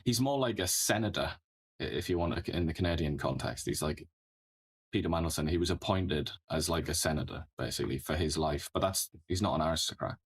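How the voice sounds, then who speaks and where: A man with a very low, deep voice chats casually as a political talk show co-host. He rambles, chuckles partway through sentences and often closes a point with a tag question. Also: animated, fairly quick, husky.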